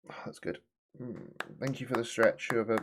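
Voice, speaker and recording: A man streaming a game live, chatty and animated, swearing and talking to his chat. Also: medium pitch, normal speed, heavy background noise. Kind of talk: live-stream gameplay commentary.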